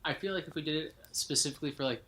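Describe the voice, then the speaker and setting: A young man co-hosting a podcast, chatting in an excitable, blunt way and swearing for laughs. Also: fairly high pitch, racing. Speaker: podcast co-host. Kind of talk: casual chat.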